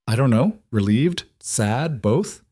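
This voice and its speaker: A man's voice: mid-range voice, animated, slow pace, mellow, no echo. Guarded, wounded young woman, played by a man, hesitant, dry audiobook read. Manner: hesitant, vulnerable.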